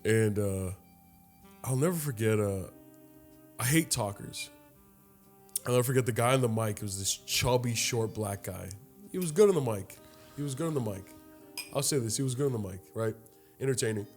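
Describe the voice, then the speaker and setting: Animated, profane podcast storyteller man. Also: medium pitch, normal speed, pauses often, faint music behind. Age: late 20s. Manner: animated, profane, acts out voices in stories. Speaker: podcast co-host. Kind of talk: casual storytelling chat.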